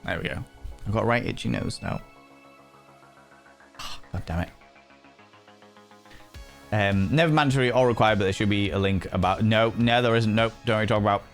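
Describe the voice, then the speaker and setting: A man's voice: lowish voice, normal speed, gravelly, pauses often, soft background music. A man hosting a livestream, chatting casually with viewers in a playful, theatrical way with mock outrage. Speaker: livestream host.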